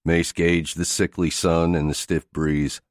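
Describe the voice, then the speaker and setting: A man reads an action thriller audiobook in a steady, gritty delivery. His voice sits very deep, and the recording is close and dry with no room echo. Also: measured pace. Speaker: audiobook narrator. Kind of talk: scripted narration of an action thriller.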